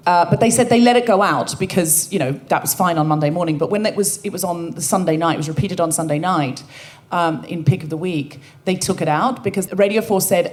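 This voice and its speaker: A woman co-hosting a comedy podcast, telling wry, animated stories to a live audience on a stage microphone. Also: lowish voice. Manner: wry, animated, quick to joke and quote others. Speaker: podcast co-host.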